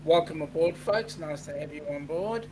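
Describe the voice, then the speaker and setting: An Australian man co-hosting a live stream, greeting chat viewers in a relaxed, chatty way with lots of fillers. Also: fairly high pitch, normal speed. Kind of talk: casual online chat. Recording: buzzing mic with background noise.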